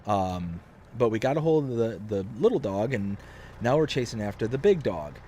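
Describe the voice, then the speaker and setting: A young man casually telling a long story on a game live stream, rambling and animated, with lots of fillers. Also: fairly low pitch, normal speed, slight background noise.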